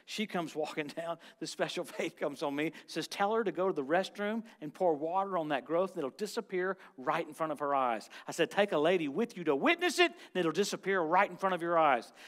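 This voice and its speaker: A man preaching as a guest minister, telling stories and quoting scripture, swinging from loud shouts to quiet asides. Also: on the high side. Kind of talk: lively sermon with stories.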